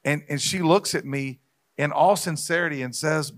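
A man's voice: a little high, normal speed, fairly bright tone. Easygoing man telling a story. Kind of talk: casual storytelling.

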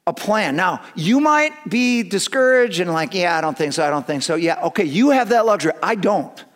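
A man with a notably high voice preaches a sermon. He delivers it earnestly, dropping to hushed tones and then building to emphatic declarations. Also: animated, normal speed. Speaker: pastor.

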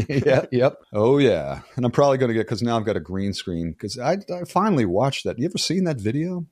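A man's voice: mid-range voice, very animated, brisk, darkish tone, dry recording, studio quality. A man in his sixties from the Philadelphia area, telling stories in a casual interview with a wry tone and frequent laughs. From Philadelphia area, United States. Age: 60s. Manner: wry, storytelling, laughs often. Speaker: interview guest, author.

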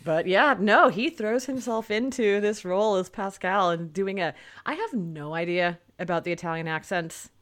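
A woman's voice: medium pitch, moderate pace, a bit bright. A woman co-hosting a podcast, chatting casually about a film, laughing often and restarting her sentences. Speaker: podcast co-host.

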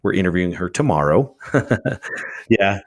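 A man with a somewhat low voice tells a long story as an interview guest. He plays out both sides of each quoted exchange in lively voices. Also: a little slow, vocal fry. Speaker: charity founder, guest.

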